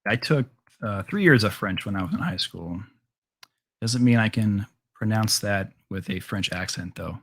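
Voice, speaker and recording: A man's voice: lowish voice, expressive, normal speed, fairly bright tone. A man teaching a math class, explaining steps casually with frequent ums and restarts. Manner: casual, filler-heavy explaining with frequent ums and all rights. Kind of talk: classroom lecture.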